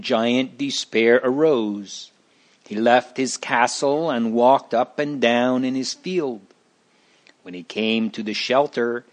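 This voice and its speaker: Casting: male narrator, unhurried, measured storybook reading, middle pitch. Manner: slow, deliberate reading.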